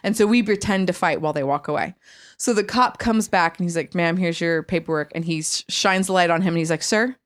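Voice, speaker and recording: A woman's voice: fairly low pitch, fast. Woman podcast host telling a wild story, acts out everybody's lines, lots of ups and downs. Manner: animated storyteller, acts out quotes. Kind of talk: casual chat, storytelling.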